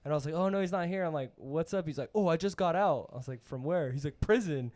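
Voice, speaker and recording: A man's voice: on the high side, fast, darkish tone. A young man hosting a podcast, rambling through a story with lots of fillers and swearing. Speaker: podcast host. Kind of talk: casual chat.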